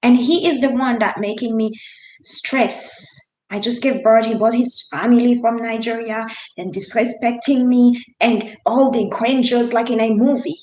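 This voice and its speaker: A woman's voice: fairly high pitch, fairly even intonation, measured pace, mellow, roomy sound, rough recording. Earnest woman telling a painful story. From Haiti. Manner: earnest, emphatic, with frequent restarts and non-native grammar. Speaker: vlogger. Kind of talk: personal storytelling to camera.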